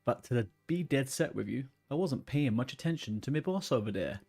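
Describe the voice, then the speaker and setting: A man's voice: medium pitch, expressive, moderate pace, darkish tone, faint music behind. A man putting on a slangy Aussie museum worker. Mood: chummy. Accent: mock Australian. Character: rough-spoken Aussie male museum worker.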